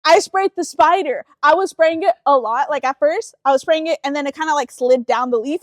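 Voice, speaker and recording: A young woman co-hosting a podcast with her brother, telling stories in animated, swearing casual chat. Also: high-pitched, moderate pace, dry recording. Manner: animated storytelling, swears freely. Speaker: podcast co-host.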